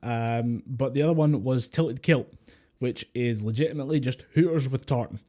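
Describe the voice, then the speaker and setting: A man's voice: medium pitch, moderate pace, mellow. A Scottish man co-hosting a podcast over a voice call, chatting casually in a rambling way, swearing freely and laughing often. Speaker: podcast co-host. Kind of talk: casual chat. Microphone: Discord voice call.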